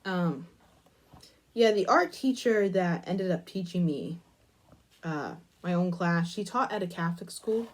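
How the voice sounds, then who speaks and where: A woman's voice: on the low side, animated, measured pace. Rambling woman chatting while crafting. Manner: rambling storytelling, asides about her work. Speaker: crafting channel host. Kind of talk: casual chat while crafting.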